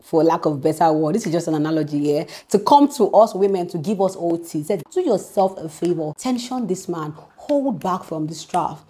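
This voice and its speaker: A woman's voice: lowish voice, normal speed, few pauses, dark tone. A young woman with a Nigerian accent, hosting a reaction commentary and giving emphatic, preachy sisterly advice. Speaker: host.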